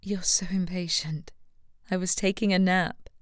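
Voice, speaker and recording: A woman reading aloud as a proud, practical young woman in an audiobook romance, her voice raised in pitch and emotional. She often drops to a hushed, breathy softness, recorded close and dry. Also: fairly even intonation, measured pace, no echo, natural voice. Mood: weary, soft.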